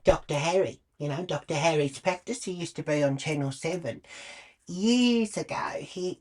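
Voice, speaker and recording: Low-voiced, crude woman. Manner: crude, blunt, swearing. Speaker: comedy character storyteller. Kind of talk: comic monologue.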